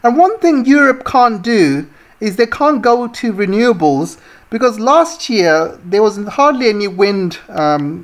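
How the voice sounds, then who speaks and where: A woman vlogger giving scornful, indignant political commentary, with many fillers and restarts. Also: on the low side. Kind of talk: ranting commentary.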